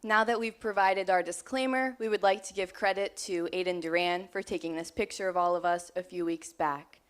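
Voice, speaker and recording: A woman's voice: fairly low pitch, fairly even intonation, normal speed, clear, resonant tone. A young woman, a college student, giving a formal, scripted presentation to an audience. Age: young adult.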